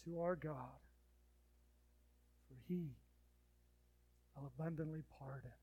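A man preaching a sermon as pastor, swinging between loud urgent appeals and quiet pleading, then leading a prayer. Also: on the high side, slow, husky.

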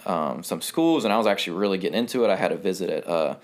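A man's voice: low voice, animated, racing. A man in his twenties from North Carolina, a guest telling his story in casual talk, rambling with fillers and frequent laughs. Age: 20s.

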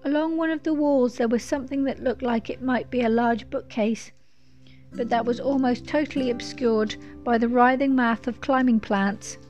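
A woman's voice: fairly high pitch, darkish tone, highs cut off, soft background music. Woman reading a storybook aloud. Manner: measured, descriptive. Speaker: narrator. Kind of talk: scripted storybook narration.

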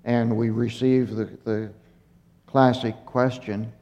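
A man giving a Bible teaching, speaking slowly and haltingly with fillers and self-corrections, a little out of breath. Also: medium pitch, warm tone. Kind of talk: unhurried Torah teaching. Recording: muffled recording in a reverberant hall.

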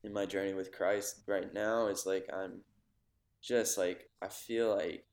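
A man's voice: low-pitched, fairly even intonation, measured pace, darkish tone. A man in a casual podcast chat, talking reflectively and searching for words. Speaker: podcast conversation partner. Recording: roomy echo.

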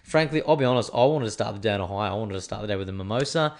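Animated Australian man telling a story. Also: on the low side, rapid-fire. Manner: animated, swears freely, acts out quoted people. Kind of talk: casual storytelling.

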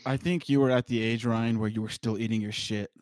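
A man's voice: fairly low pitch, steady tone, brisk, a little mellow, dry recording. A man hosting a podcast, steering the topics with crude jokes. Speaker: podcast host. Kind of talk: casual chat.

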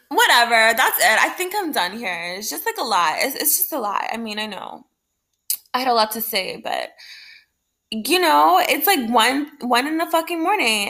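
A woman's voice: high-pitched, vocal fry, sharp tone. A woman ranting in a late-night video, heated and full of profanity, breaking into laughs. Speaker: vlogger. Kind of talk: late-night rant to camera.

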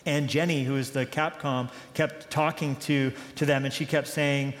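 A man preaching a sermon in a conversational, animated way, acting out quoted dialogue. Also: mid-range voice, normal speed, long reverb tail. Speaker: pastor.

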